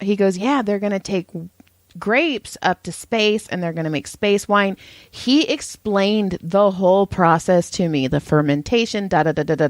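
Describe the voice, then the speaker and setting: A woman's voice: medium pitch, no room sound, clean studio sound. A woman co-hosting a podcast, telling stories in a casual chat, laughing often and acting out quotes. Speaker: podcast co-host.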